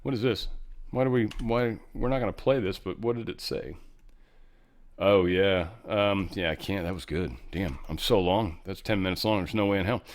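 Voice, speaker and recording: A man's voice: low voice, normal speed. Blunt, profane male commentary host. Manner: blunt, profane, rambling asides. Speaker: show host. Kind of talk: casual political commentary.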